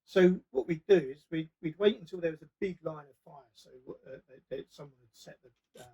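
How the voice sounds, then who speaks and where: Male guest, high, husky, rapid-fire animated storyteller. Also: muffled recording. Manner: lively, animated anecdote-telling. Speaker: podcast guest. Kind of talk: casual storytelling.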